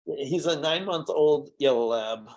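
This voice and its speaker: A man's voice: a little high, unhurried, a little mellow. A middle-aged man, a mead maker, telling rambling anecdotes in a casual way at a tasting. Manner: rambling anecdotes with fillers and restarts. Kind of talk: casual storytelling during a tasting.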